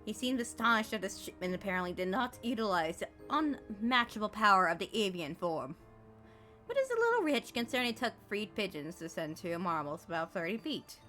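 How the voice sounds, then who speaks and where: A woman streamer reads game dialogue aloud, her voice bright and crisp. She jumps all over her range as she teases the text in an animated, playful way, with soft game music behind her. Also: medium pitch, brisk.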